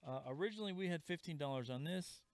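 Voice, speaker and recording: A man hosting a live comic shop sale, chatting casually and pitching items with asides. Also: lively intonation, quick pace, no room sound. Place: comic store. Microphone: livestream camera mic.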